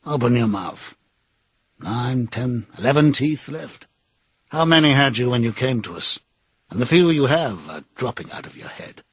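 A man reading the part of a cold, menacing middle-aged interrogator who speaks slowly and deliberately. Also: mid-range voice, animated, breathy edge, dull audio. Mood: taunting.

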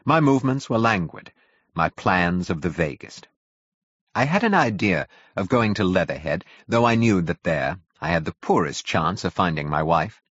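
A man reading a classic novel aloud as narrator, in measured, even storytelling. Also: sits low, slightly rough, dry recording. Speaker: audiobook narrator. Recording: dull, dry audio.

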